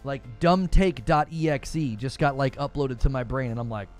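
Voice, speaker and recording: A man hosting a gaming show from home, chatting live with viewers in an animated, incredulous, rambling way. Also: mid-range voice, normal speed, soft background music. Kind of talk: live-stream chat answering viewers.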